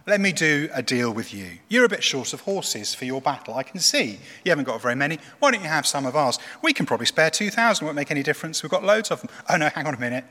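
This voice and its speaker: A boastful old-world field commander taunts his enemies, his voice raised and swinging in pitch, as a preacher acts him out. The delivery is bright and cutting. It rings through a reverberant church hall. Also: big pitch swings, quick pace, hardly any pauses, heavily acted. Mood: mocking. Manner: taunting, mocking, loud.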